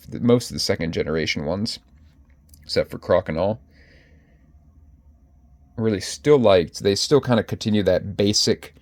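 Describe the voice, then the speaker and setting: A man's voice: lowish voice, a little mellow, no echo. A man chatting casually to his viewers as he pages through his card collection, often correcting himself mid-sentence. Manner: chatty, self-correcting, addresses viewers directly. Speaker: collector vlogger.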